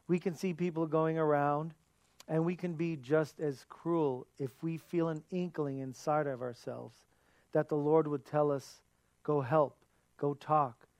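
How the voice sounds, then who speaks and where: A man's voice: a little high, no echo. A man giving a sermon as a pastor, earnest, asking his listeners rhetorical questions.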